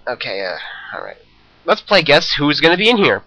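A man's voice: fairly high pitch, very animated, a little fast, pushed and bright, a little hiss or hum, rough recording. A young man giving rambling, jokey commentary over a video game he is playing, talking to himself. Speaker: let's play commentator.

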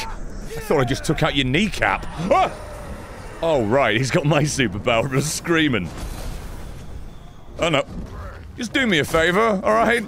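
A man giving sarcastic, excitable commentary while playing a game live on stream. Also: a little high, a little slow, gravelly, pauses often, a little hiss or hum.

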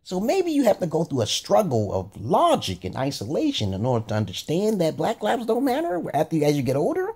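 Man, rambling profane monologue, husky, darkish mellow tone. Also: on the high side, wildly swooping pitch, brisk, few pauses. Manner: rambling, cursing, laughing asides. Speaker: vlogger.

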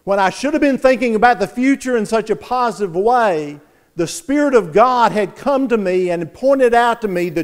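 A middle-aged man preaching a sermon as pastor, emphatic, swinging from loud stresses to hushed asides. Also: sits high, expressive, normal speed.

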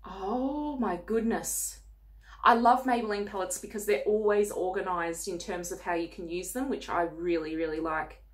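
A woman's voice: mid-range voice, normal speed. A young woman unboxing gifts for her vlog, gushing, gasping and squealing with delight. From Australia. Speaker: beauty vlogger.

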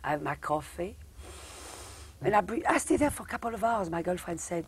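A woman's voice: on the low side, sing-song, brisk, long pauses, slightly rough. Theatrical older French-accented woman. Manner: theatrical, flirtatious, calls people darling. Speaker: interview guest, former film actress. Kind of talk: casual talk-show chat.

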